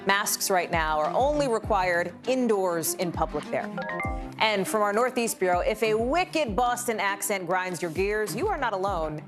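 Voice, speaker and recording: A woman's voice: mid-range voice, lively intonation, moderate pace, over music. Chatty woman news anchor. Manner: chatty, conversational asides.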